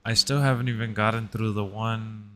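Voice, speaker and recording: A young man in relaxed casual chat, using slangy speech and saying "bro" a lot. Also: lowish voice, moderate pace, a little hiss or hum.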